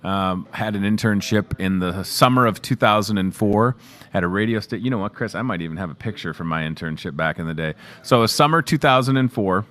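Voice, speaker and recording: Guy in his 30s hosting a local morning show, chatty and jokey, kinda low voice. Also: fairly quick, fairly bright tone. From Chicago area. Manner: chatty, upbeat and joking, talking to the camera and crew. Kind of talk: casual live show chat promoting store products.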